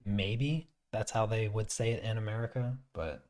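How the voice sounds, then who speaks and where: A man's voice: lowish voice, normal speed, a little mellow. A man hosting a painting stream, chatting casually as he works and thinking aloud with frequent restarts. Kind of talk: casual chat while painting.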